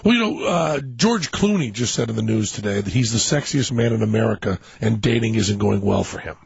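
Teasing gravelly male radio host. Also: lowish voice, lively intonation, brisk, no echo, highs cut off. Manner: teasing, needling. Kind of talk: casual chat.

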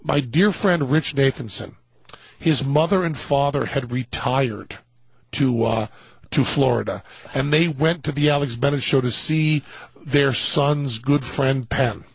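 A man hosting a talk show, telling a long comic anecdote in an animated way and acting out other people's lines. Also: mid-range voice, unhurried, gravelly, breathy edge, no echo. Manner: animated storyteller, acting out quoted voices. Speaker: radio show host telling a story. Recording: dull lo-fi dry studio sound.

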